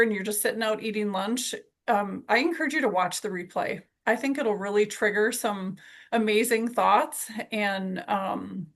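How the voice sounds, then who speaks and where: A woman's voice: a little high, fairly bright tone. A woman leading a weekly sales team call, upbeat and encouraging as she recaps a coaching session. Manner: enthusiastic, encouraging.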